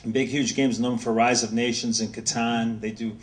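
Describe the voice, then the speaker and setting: A man's voice: mid-range voice, a little fast, slight background noise. Middle-aged man telling stories from afar. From Massachusetts. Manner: animated, rambling storyteller. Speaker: author speaking at a book signing. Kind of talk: anecdotal talk to an audience. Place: bookstore event space. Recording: voice heard from a distance.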